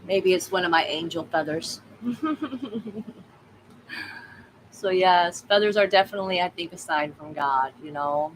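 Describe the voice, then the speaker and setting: A woman's voice: fairly low pitch, fairly even intonation, moderate pace, hardly any pauses, slight background noise, poor audio. A woman tarot reader chatting casually on a live stream, swearing freely and reacting to the chat.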